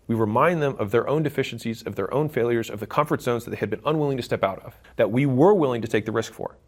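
A man talking straight to camera in a self-help video, blunt and emphatic, with occasional swearing, acting out conversations with relatives. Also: mid-range voice. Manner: blunt and emphatic, swears, acts out quoted dialogue. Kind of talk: direct-to-camera motivational talk.

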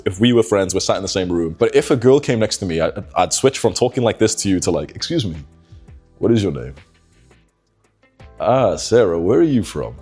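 Sitting indoors late at night, a young man gives dating advice to the camera in casual talk, blunt, swearing, confiding and persuasive. His voice is fairly low, darkish and husky, with a tired late-night morning sound.

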